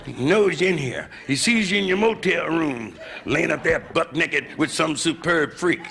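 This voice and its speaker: Gravelly bawdy stand-up comic. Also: male voice, lively intonation, moderate pace, hardly any pauses, a loud crowd. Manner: gravelly, bawdy, swings into loud high put-on voices. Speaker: stand-up comedian. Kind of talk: live stand-up routine. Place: live club stage with audience. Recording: noisy live club recording.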